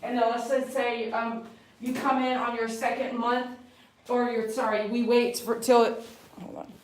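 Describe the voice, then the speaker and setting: A woman's voice: a little high, little pitch movement, measured pace, recorded from a distance, a little hiss or hum. Chatty woman groomer in an echoey room. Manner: chatty, coaxing the dog and explaining as she works. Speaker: dog groomer. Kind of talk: explaining a grooming to a client on camera. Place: grooming salon.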